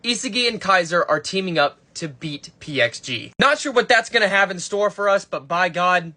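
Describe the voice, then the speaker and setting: A man casually recapping a manga chapter, reading the characters' lines aloud and adding excitable, slangy comments. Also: sits high, normal speed. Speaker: manga reviewer.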